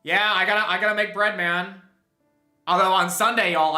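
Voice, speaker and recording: Here a young man chats loosely during a gaming live stream, rambling, restarting often, and chuckling. His high-pitched voice sounds pushed and bright and runs a little fast. There's faint background music, and the recording has a roomy echo.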